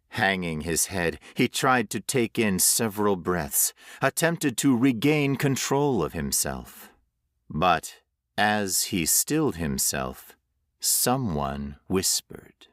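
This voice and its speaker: Male audiobook narrator, horror story, unhurried, expressive pitch, dry close mic. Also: dry recording.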